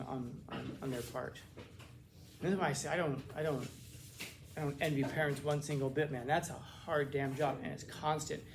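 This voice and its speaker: There's background noise behind this man's fairly high voice as he lectures a class informally. The teacher gets animated, performing quotations and frequently starting over mid-thought.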